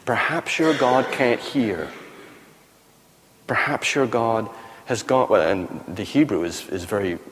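A man's voice: on the low side, slow, a bit bright. A man, a pastor, teaching a session in a conversational style with frequent fillers and self-corrections. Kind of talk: teaching sermon. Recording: long hall reverb.

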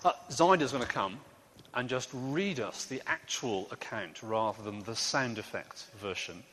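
A man leading a lively, interactive Bible story for a congregation, coaxing the crowd into sound effects. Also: medium pitch, measured pace, a little hiss or hum. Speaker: preacher leading a children's talk. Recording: echoey hall with faint ambience.

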